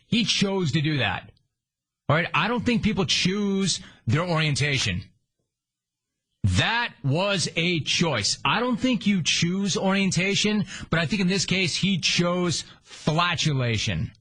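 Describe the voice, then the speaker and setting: A man's voice: sits high, very animated, takes it slowly, fairly bright tone. A man hosting a sports talk radio show, sarcastic and emphatic in a punchy monologue.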